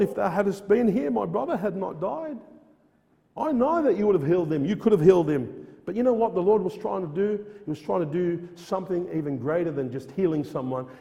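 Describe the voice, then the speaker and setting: A man's voice: sits high, vocal fry, dark tone, big-room sound, muffled recording. A man preaching a sermon in a church, earnest and emphatic, repeating phrases and quoting old-style scripture. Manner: quotes King James scripture aloud.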